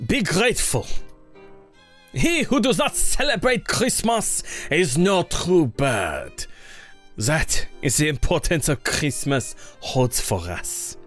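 A man's voice: fairly high pitch, very animated, slow pace, a bit bright, soft background music, pitched below the performer's own voice, heavily acted. A man voicing a haughty aristocratic male bird who talks in a pompous, commanding way. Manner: pompous, lordly.

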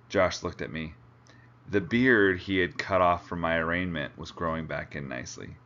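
A man reading a novel chapter aloud with a steady, plain delivery. The recording sounds dull and lo-fi. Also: low-pitched, normal speed. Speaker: reader.

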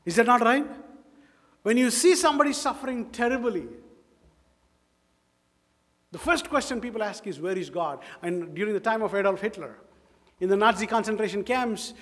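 Indian English male pastor, high voice, emphatic, repeats lines for effect, long church-hall echo. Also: fairly bright tone. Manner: emphatic, repeats phrases, asks the congregation rhetorical questions. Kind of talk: sermon. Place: church sanctuary.

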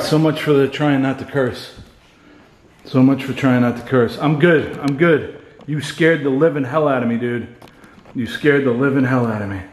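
A frightened man vlogging alone in an empty house, rambling and stammering, shaken and scared. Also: medium pitch. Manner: rambling, stammering, repeating himself. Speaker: paranormal vlogger. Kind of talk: frightened solo ghost-hunt vlog. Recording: echoey room.

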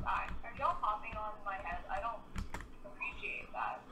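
A woman's voice: mid-range voice, a little fast, bright, forceful tone, slight background noise, low-quality recording. A woman teasing and joking with a friend while playing a video game. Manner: teasing, jokey. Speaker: gamer co-host. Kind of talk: casual gameplay chat.

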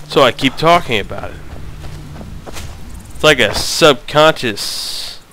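A man's voice: medium pitch, lively intonation, slow pace, sharp tone, a little hiss or hum. A man giving casual, joking commentary while playing a game, often mocking himself and going off on silly tangents. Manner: goofy, joking, self-mocking. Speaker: let's play gamer.

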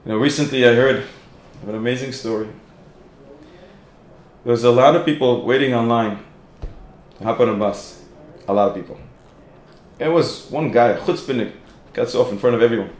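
A man, a rabbi, giving a sermon told through lively stories, acting out the people in them. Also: mid-range voice, a little fast, echoey room. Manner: animated storyteller, acts out quoted voices. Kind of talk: sermon with storytelling.

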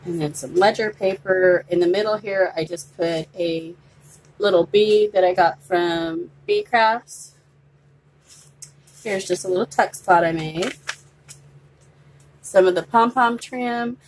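A woman's voice: on the low side, takes it slowly, pauses often, low-quality recording. Woman gushing over her craft journal, chatty, little hiss in the room. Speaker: craft vlogger. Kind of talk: casual show-and-tell.

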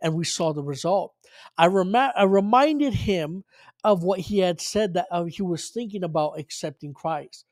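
A man's voice: high voice, animated, moderate pace, dry recording, studio quality. A man preaching, earnestly telling a personal faith story with frequent restarts and fillers. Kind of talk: sermon testimony storytelling.

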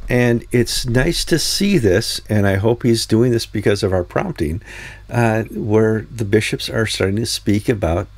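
Guy hosting a chatty news show, low gravelly voice, dry close sound, rambles w lots of ums. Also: darkish tone, no room sound. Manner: rambling storyteller with many fillers. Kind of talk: casual chat.

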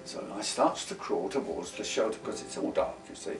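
An older man in his eighties with a low voice, spinning a wartime memory with lively asides and folksy grammar. He sits away from the microphone in a roomy space, with faint guitar music underneath. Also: a little fast, far from the mic. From London, England. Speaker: interviewee, wartime veteran. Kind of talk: casual spoken recollection.

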